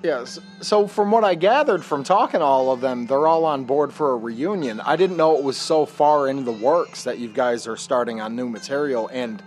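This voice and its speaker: A man's voice: mid-range voice, normal speed, few pauses, soft background music. Stammering male podcast host. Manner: stammering, apologetic. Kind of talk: comedic call-in interview.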